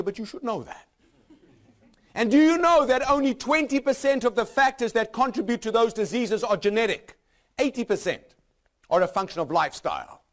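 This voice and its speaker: A man with a high voice gives an unscripted motivational speech to a live audience. He talks emphatically, stacks short repeated lines, and keeps asking the room rhetorical questions. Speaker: motivational speaker.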